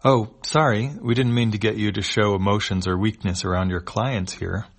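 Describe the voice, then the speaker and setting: A man reads out a snooty worm-like alien from a comic, smug and needling. The tone is mock-polite and condescending, set a little low. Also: steady tone, moderate pace, vocal fry.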